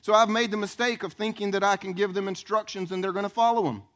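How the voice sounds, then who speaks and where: Animated high-voiced man preaching a sermon. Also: fast. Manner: animated, acts out voices and questions, southern "y'all". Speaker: pastor.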